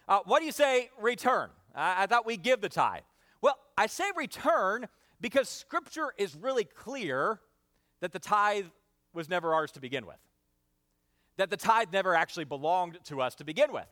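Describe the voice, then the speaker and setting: High-voiced, energetic male pastor preaching. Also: normal speed. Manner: energetic, calls for responses from the congregation; frequent "uh" fillers. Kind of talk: sermon.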